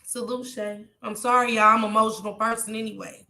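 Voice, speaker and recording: A woman's voice: on the high side, steady tone, a little fast, vocal fry, sharp tone, roomy sound. A woman vlogger talking to her viewers in an impassioned, tearful way and reading out their chat comments. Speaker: YouTube vlogger. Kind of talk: emotional livestream talk to viewers.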